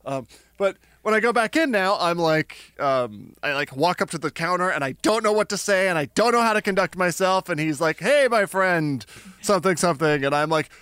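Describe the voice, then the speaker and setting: A man in casual chat, telling rambling stories with dry, deadpan jokes. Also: sits high, brisk, clear, resonant tone, no room sound.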